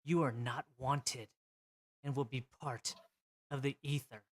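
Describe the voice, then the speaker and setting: A man voicing a sinister demonic figure with a dark, guttural voice. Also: medium pitch, fairly even intonation, measured pace, close to an everyday voice. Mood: menacing. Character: sinister male demonic voice, menacing.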